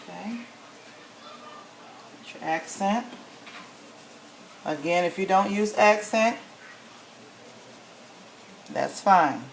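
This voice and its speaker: A woman with a mid-range voice, lively intonation, and vocal fry draws out her words and takes long pauses as she shows a recipe in her home kitchen. She's chatty and folksy, frequently asking "okay?" The audio is echoey, with faint noise.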